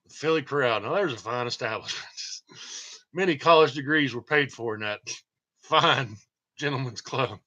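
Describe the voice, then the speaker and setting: A man's voice: medium pitch, moderate pace, pauses often, pushed and bright. Joking man rambling on a stream. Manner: joking, rambling, laughs often. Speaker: channel host. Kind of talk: casual rambling livestream monologue.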